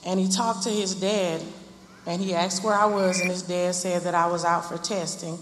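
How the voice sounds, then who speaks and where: Middle-aged mother recalling her son, earnest and unhurried, echoey hall, heavy noise. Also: on the low side, level tone. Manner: slow, earnest storytelling. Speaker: grieving mother interviewed. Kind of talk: personal recollection.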